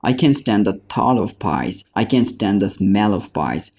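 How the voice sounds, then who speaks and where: Overworked, desperate woman baker, read by a male audiobook narrator in his own low, mellow voice. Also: expressive, unhurried. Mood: bitter, weary. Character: exhausted, desperate woman pie-shop owner.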